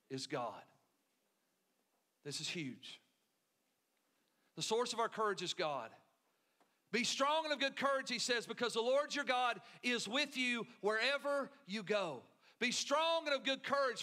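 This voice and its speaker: A man preaching a sermon as pastor in a church, rising to emphatic peaks and dropping to hushed lines. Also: very high-pitched. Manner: preaching with swelling intensity and hushed drops. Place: church sanctuary.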